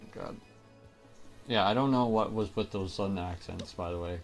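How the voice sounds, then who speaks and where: A man's voice: sits low, normal speed, vocal fry, long pauses, faint music behind. A man, a let's play host, giving casual self-deprecating commentary over a video game. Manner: self-deprecating, laughs at himself.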